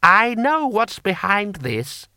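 Brief: man doing a sneering warlord lord, high and strained, slow and gravelly, audiobook. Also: lively intonation, bright, forceful tone, no echo, studio quality, full character voice. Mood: shrill, sneering. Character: imperious, cold-tempered male warlord lord.

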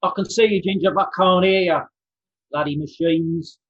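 A man voicing a rough, down-on-his-luck male skinhead, blunt and crude in his banter over a video call. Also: sits high, steady tone, moderate pace, highs cut off, natural voice. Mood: grumpy. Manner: crude, cheeky, blokey banter.

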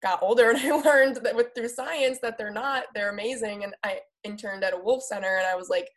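A woman's voice: fairly high pitch, fairly even intonation, fairly quick, hardly any pauses. A woman from the US East Coast who hosts an interview, chatting casually and laughing often. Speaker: podcast host.

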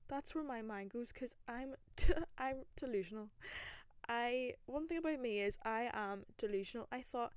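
Chatty Northern Irish woman, smooth voice. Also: a little high, measured pace, no echo. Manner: animated, self-mocking, rambling with asides. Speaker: podcast host. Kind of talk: casual solo storytelling. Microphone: single podcast microphone.

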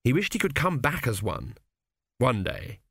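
Guy reading a comic fantasy audiobook, mid pitch, dead dry studio. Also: big pitch swings, unhurried, a bit bright, breathy edge, dry recording. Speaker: audiobook narrator. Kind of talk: scripted audiobook narration.

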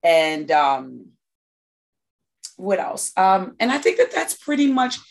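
Woman, interview guest, from New York, reflective, halting. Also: medium pitch, big pitch swings, vocal fry. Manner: reflective, many restarts and fillers. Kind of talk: casual interview conversation.

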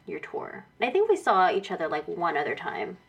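A woman's voice: fairly low pitch, a little fast. A woman in her thirties from Texas, a guest artist chatting casually with frequent laughter. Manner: giggly, chatty, lively. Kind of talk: casual chat.

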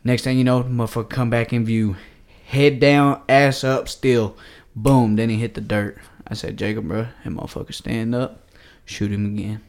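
A man's voice: medium pitch, little pitch movement, normal speed, hardly any pauses, darkish tone. A man on a podcast telling a hunting story in casual, profane slang, acting out the quoted lines and dropping to a whisper for them. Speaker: podcast co-host.

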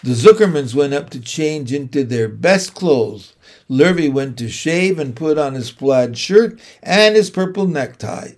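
A man narrating a children's storybook aloud in a steady, expressive way. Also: medium pitch.

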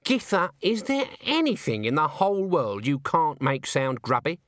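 A man reading aloud lifts his voice into a sharp-tongued old woman witch from a storybook. She speaks in clipped, commanding bursts, suspicious of everyone, with a lively, swooping pitch. The recording is dry and close. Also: moderate pace, no room sound.

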